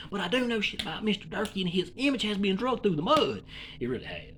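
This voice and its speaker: A man's voice: high voice, sing-song, fast, fairly bright tone, slight background noise. A man from Alabama with a Southern accent, delivering a rambling comedic monologue in a folksy, profane, meandering way.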